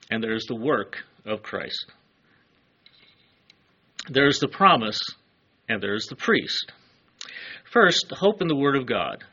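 A man's voice: medium pitch, bright, forceful tone, husky, dull audio. A man preaching a sermon, earnest and emphatic, letting his phrases fall away at the ends.

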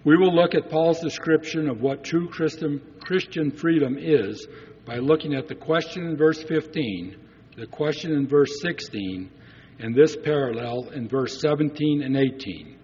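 A man's voice: fairly high pitch, a little slow, a little mellow, a little hiss or hum. A man preaching a sermon in an earnest way, asking rhetorical questions to the congregation. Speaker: pastor. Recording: dull recording with long church reverb.

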